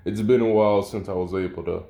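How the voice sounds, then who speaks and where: A man's voice: deep voice, fairly even intonation, quick pace, gravelly, warm tone. A man playing an eerie wolf-raised boy. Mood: amused, unbothered. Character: calm menacing teen boy raised by wolves. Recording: echoey room.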